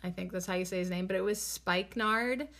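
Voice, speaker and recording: A woman giving a casual spiritual talk to her viewers, speaking slowly and deliberately and repeating phrases three times. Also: medium pitch, fairly bright tone. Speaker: spiritual card reader.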